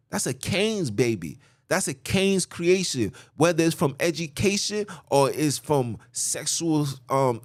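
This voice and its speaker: A man hosting a podcast in casual religious talk, telling stories in an animated way with street slang. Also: medium pitch, no room sound, clean studio sound. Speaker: podcast host.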